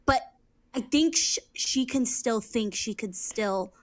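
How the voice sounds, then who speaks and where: A woman's voice: on the high side, slow pace. A young woman co-hosting a podcast, chatting casually and animatedly, laughing, swearing and mimicking characters. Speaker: podcast co-host. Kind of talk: casual fan chat.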